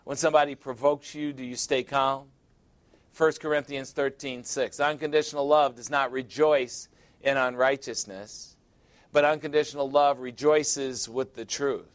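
A man preaching a sermon, stressing key words and often dropping low and quiet at the end of a point. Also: steady tone, moderate pace, no room sound. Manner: emphatic, repeating phrases for stress.

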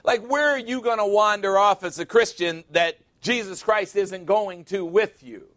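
Man, preacher, fairly high voice, conversational sermon, joking asides, emphatic. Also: normal speed, a bit bright.

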